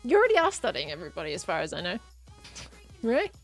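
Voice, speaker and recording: A woman's voice: on the low side, wildly swooping pitch, fast talker, faint music behind. A woman with an Australian accent chatting casually with a friend while gaming, playful and laughing often. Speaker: streamer.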